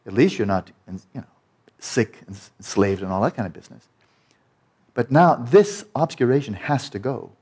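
A man's voice: medium pitch, lively intonation, moderate pace, darkish tone, breathy edge. A man giving a Buddhist teaching talk as a meditation teacher, blunt and joking, often mimicking the inner voices of his students.

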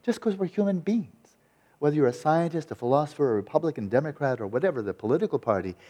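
A man teaching Buddhist meditation in a dharma talk, lively and wry, with a sarcastic edge and frequent restarts. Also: fairly high pitch, fast talker, breathy edge.

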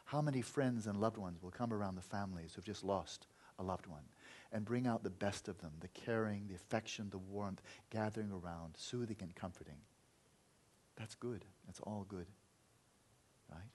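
Husky-voiced man giving a dharma talk. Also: fairly low pitch, darkish tone. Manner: earnest, reflective, acts out inner voices. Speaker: meditation teacher.

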